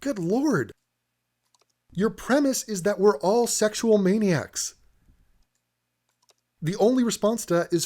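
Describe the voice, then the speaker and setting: A man's voice: sits high, slow pace, pauses often, a little mellow. A man giving a profane, sarcastic comedic rant while reacting to an advert, sounding exasperated and swearing freely.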